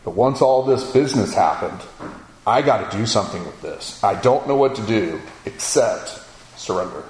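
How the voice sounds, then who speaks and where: A man's voice: fairly low pitch, expressive, normal speed, a little mellow. A man sharing his personal testimony as a spoken story, acting out the back-and-forth of conversations with "I go" and "he goes". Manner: storytelling that acts out dialogue with "I go" and "he goes". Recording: roomy echo with faint ambience.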